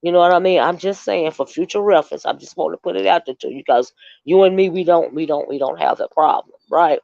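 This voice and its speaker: A woman's voice: fairly low pitch, quick pace, vocal fry, a little mellow, no room sound. A woman hosting a casual livestream, telling a long rambling story straight to her viewers. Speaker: livestream host. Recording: dull, dry lo-fi stream audio.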